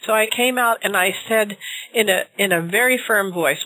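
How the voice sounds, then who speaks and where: Bright, dry-sounding woman host. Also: mid-range voice, normal speed, no room sound, low-quality recording. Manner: chatty, tells personal stories, asks follow-up questions. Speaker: interview host. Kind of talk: interview conversation.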